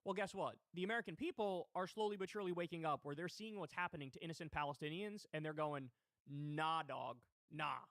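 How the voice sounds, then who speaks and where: A man's voice: high-pitched, fast talker, hardly any pauses, fairly bright tone, no echo, clean studio sound. A man hosting a political commentary livestream, talking in a heated, indignant way with swearing. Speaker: livestream host.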